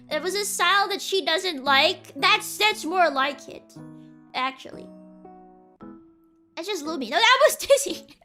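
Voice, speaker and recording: A woman's voice: extremely high pitch, animated, measured pace, pushed and bright, faint music behind. A young woman streamer chatting casually and reading chat, rambling and laughing, insisting with repeats.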